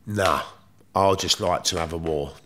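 A man's voice: deep voice, unhurried, a bit bright, a little hiss or hum. A middle-aged man with a London accent, telling stories from his past in blunt, streetwise slang, swearing freely. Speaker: guest. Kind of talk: casual storytelling.

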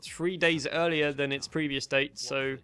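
A young man doing excitable mock sports commentary over a football video game he is playing at home. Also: a little high, measured pace, smooth, soft background music. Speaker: gaming channel host.

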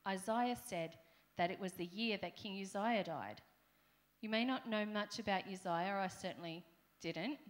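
A middle-aged woman with an Australian accent preaching a conversational sermon in a church, with playful asides to the congregation. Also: mid-range voice. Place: church hall.

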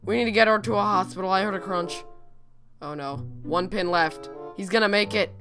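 A woman's voice: medium pitch, fairly quick, music in the background. A woman hosting a comedic reaction video, exclaiming and giggling as she comments. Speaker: YouTuber host.

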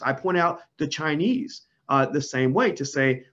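A man with a fairly high, husky voice delivers a fiery monologue. He talks emphatically and keeps leaping into loud, high bursts. The recording sounds dull and lo-fi. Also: animated, normal speed. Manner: emphatic, swings into sudden loud highs. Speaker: commentator. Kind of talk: impassioned monologue.

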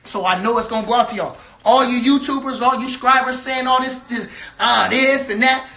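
Guy from a fighter's camp going off, super high bright voice, keeps repeating himself. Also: brisk. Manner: fiery, repetitive, trash-talking. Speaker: member of a boxer's camp. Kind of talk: heated rant to camera.

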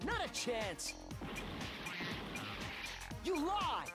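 A woman voicing a defiant, hot-headed young male student who shouts and repeats insults. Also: high voice, big pitch swings, drawn-out words, full character voice. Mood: childish defiance. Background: game music.

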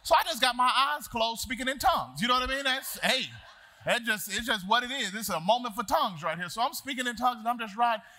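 Animated, bright-voiced pastor preaching. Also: male voice, very high-pitched, fast. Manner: animated, shouts and laughs while acting out the story; casual colloquial address to the congregation. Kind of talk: storytelling sermon.

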